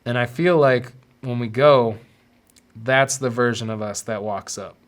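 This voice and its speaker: A male podcast host talking through his past in a confessional monologue. He pauses and restarts often, and he doubles words as he gathers his thoughts. His voice sits at an ordinary male pitch. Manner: halting, repeats words while searching for them.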